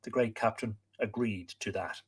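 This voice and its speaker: A man's voice: on the low side, fairly even intonation, moderate pace, slightly rough. A man, host of a live stream, reading an old story aloud and chatting with viewers between passages.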